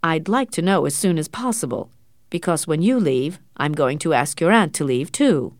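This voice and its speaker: A woman's voice: sits low, lively intonation, darkish tone, no room sound, studio quality. A woman voicing a cold, stern old doctor. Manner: slow, cold and measured. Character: stern cold wealthy older male doctor and father. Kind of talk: audiobook character reading.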